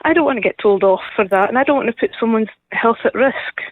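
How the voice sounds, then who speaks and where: A woman's voice: a little high, fast, no room sound. Woman on a tinny phone line. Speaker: caller. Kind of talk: phone call to a talk show.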